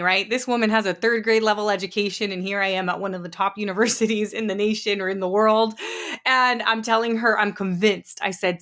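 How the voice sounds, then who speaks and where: A woman's voice: medium pitch, fairly even intonation, fairly quick, fairly bright tone. A woman in her thirties hosting a podcast, telling personal stories in a candid, encouraging, conversational way. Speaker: podcast host. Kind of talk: personal storytelling.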